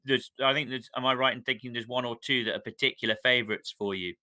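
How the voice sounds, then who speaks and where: A man's voice: mid-range voice, steady tone, quick pace, bright, forceful tone. A man interviewing a musician on stage, with enthusiastic but hesitant questions.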